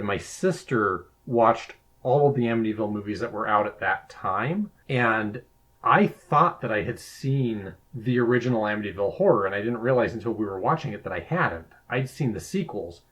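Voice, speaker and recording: Measured man podcast host. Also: fairly low pitch, fairly bright tone, poor audio. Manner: measured, deliberate, formal when giving contact details. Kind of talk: casual podcast chat.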